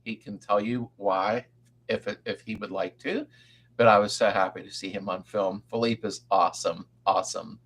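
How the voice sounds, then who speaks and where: A man's voice: on the low side, fairly even intonation, moderate pace, fairly bright tone, breathy edge. An older man hosting a casual livestream, rambling in a folksy way as he answers viewers and greets them by name. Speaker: livestream host. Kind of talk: casual live-stream chat.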